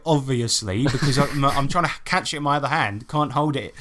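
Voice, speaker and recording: A man's voice: mid-range voice, a little fast, hardly any pauses, slight background noise. A man hosting a casual podcast, who swears freely and tells stories with animation. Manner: profane, animated storytelling. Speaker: podcast host.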